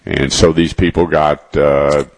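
A man's voice: a bass voice, flat delivery, measured pace. A man hosting a call-in radio car show, telling stories in a rambling, folksy way. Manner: rambling, folksy, repeats words. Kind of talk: casual radio talk, storytelling.

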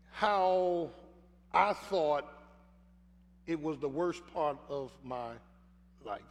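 Older man preaching slowly in echoing hall. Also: fairly high pitch. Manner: earnest storytelling with repeated phrases. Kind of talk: sermon with personal story. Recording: echoey hall, faint hum.

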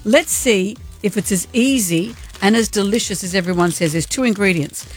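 A woman's voice: medium pitch, moderate pace, faint music behind. A woman co-hosting a radio show, chatting casually and laughing easily while she explains a recipe. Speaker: radio co-host. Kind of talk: casual on-air cooking banter.

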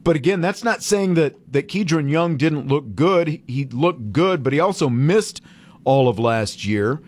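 A man hosts a casual sports radio show, talking in an animated, slightly sarcastic, rambling way. His voice sits a bit high for a man. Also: a little slow.

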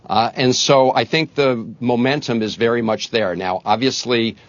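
A man speaking as a senator in a live TV news interview, talking emphatically with frequent fillers and building to forceful points. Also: medium pitch, steady tone, moderate pace, no room sound. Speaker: senator guest. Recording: dull lo-fi broadcast audio.

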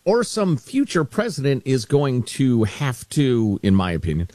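A man's voice: mid-range voice, wildly swooping pitch, measured pace, a little mellow, dry recording. A man hosting a talk radio show, bantering dryly about politics. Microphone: studio microphone.

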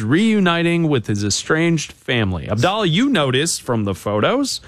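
Male sports talk co-host, dry sarcasm, animated delivery, close dry studio sound. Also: fairly high pitch, moderate pace, no room sound.

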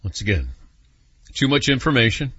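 A man's voice: mid-range voice, big pitch swings, moderate pace, bright, forceful tone, breathy edge, no room sound. A man hosting a sports radio talk show, with dry, wry banter. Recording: dull lo-fi broadcast.

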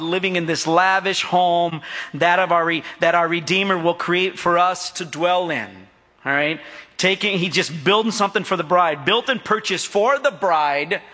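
A middle-aged male pastor preaches with a high, bright, ringing voice. He jokes, tells stories and keeps asking the church to answer back. His voice carries a long reverb through the church hall. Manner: jokey, storytelling, asks the congregation for responses. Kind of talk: sermon.

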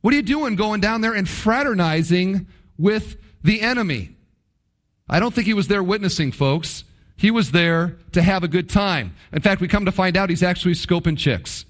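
A man preaching a sermon as a pastor, emphatic and animated, with dramatic pauses and acted-out quotes. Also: high-pitched.

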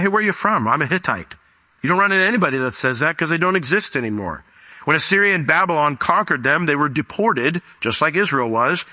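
Male pastor, sermon, scripture reading, very bright tone, higher voice, animated emphasis. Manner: animated, rises sharply in pitch for emphasis.

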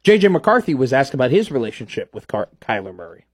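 A man hosting a casual sports talk show, rambling playfully and getting animated about his team. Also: mid-range voice, fast, husky.

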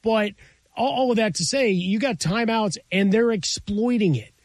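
A man co-hosting a sports talk show, breaking down the game and quick to dispute points. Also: high-pitched, no echo. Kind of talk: sports analysis chat.

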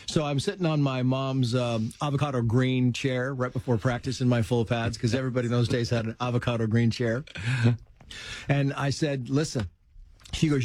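A middle-aged man spins personal stories in a relaxed chat, his voice sitting at an ordinary middle pitch. He slips into lively impressions of the people he quotes, and the recording is close and dry with no room sound. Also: normal speed, dry recording. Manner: animated storyteller, acts out quoted voices. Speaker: guest telling life stories. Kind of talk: casual storytelling conversation.

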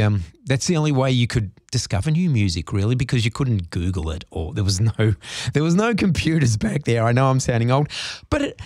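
A man's voice: medium pitch, a little mellow, dry recording, studio quality. Rambling middle-aged male radio DJ. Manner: rambling, self-deprecating, hesitant restarts. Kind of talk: casual radio chat between songs.

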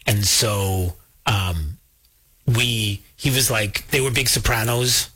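A man hosting a talk show, telling a story casually and jumping high in pitch when he quotes people. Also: takes it slowly, sharp tone, breathy edge. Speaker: show host.

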